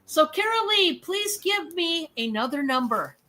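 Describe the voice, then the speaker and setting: A woman's voice: extremely high pitch, very animated, a little slow, bright, forceful tone, slight background noise. A woman with a Michigan accent hosting a live sales stream, chatty and rambling, laughing often. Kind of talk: casual live stream chat.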